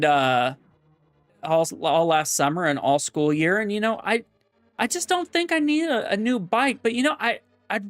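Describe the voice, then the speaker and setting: A man voicing an eager, pleading little boy in a strained high put-on child voice. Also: a bit bright, no room sound. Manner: begging, drawn-out wants.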